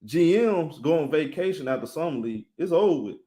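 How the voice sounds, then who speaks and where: A man talks loosely and energetically, as if running his own live sports stream. His voice sits a little high for a man. He keeps turning to address his viewers directly. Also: brisk. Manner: animated, talks straight to chat viewers, shouting them out.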